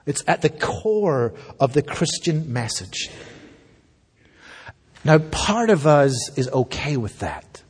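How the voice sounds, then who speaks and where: Male pastor, slightly higher pitch, husky, conversational Bible teaching in a reverberant hall. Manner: conversational and animated, with casual asides. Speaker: pastor teaching a school discipleship class. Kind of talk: sermon-style Bible teaching.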